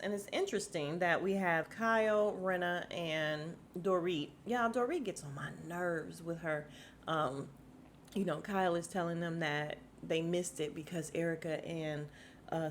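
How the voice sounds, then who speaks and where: A woman's voice: lowish voice, slight background noise. A woman hosting a podcast, recapping a reality TV show in a chatty, sarcastic way with asides. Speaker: podcast host.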